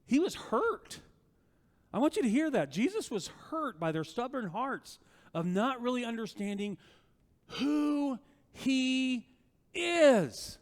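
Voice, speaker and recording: A male pastor preaching a sermon in a conversational, animated way, often asking rhetorical questions of the congregation. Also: extremely high pitch, slow, in a large hall.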